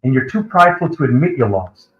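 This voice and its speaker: Fast-talking defensive male caller. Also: mid-range voice, very animated, over music. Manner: defensive, lecturing, keeps complaining about interruptions. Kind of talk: heated call-in debate. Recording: dull, roomy call audio.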